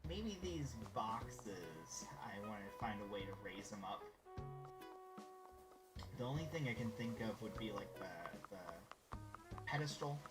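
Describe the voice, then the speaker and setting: A man's voice: on the low side, big pitch swings, unhurried, pauses often. A man from the Southern United States with a light Southern twang, chatting casually on a game stream, rambling with fillers and restarts and sometimes dropping to a whisper. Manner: rambling, with frequent fillers and restarts, drops to a whisper when musing. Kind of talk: casual gameplay stream chat. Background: game music.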